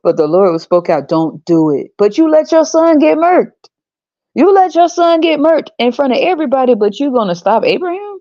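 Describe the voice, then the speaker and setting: A woman's voice: sits high, big pitch swings, normal speed, mellow, no echo, lo-fi sound. Blunt, profane woman podcaster ranting. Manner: blunt, profane and mocking, acts out voices. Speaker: podcast host. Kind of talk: casual ranting monologue.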